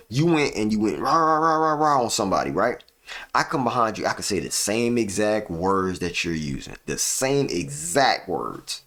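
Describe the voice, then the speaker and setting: A man hosting a live stream, giving a motivational talk with deliberate pauses and a habit of tagging sentences with "right?". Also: fairly low pitch, fairly bright tone. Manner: preachy, repeats "right?" as a tag; uses deliberate dramatic pauses.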